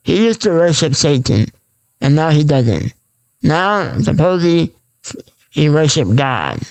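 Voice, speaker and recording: A man's voice: on the high side, very animated, a little slow. A man hosting a raw, unscripted solo podcast, rambling and repeating himself with lots of fillers and restarts. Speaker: podcast host.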